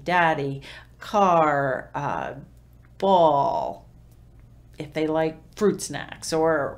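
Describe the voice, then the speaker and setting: Woman, low voice, middle-aged, conversational, parenting tips, some ums and restarts. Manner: conversational, with fillers and self-corrections. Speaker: behavior analyst giving parenting tips. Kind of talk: informal teaching to camera.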